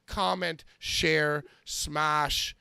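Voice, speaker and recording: A man's voice: a little high, little pitch movement, extremely slow, gravelly, sharp tone, clear, resonant tone, no echo. A man hosting a casual wrestling talk show, loose and profane as he reads out viewer comments and plugs merch over a remote mic. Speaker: podcast host.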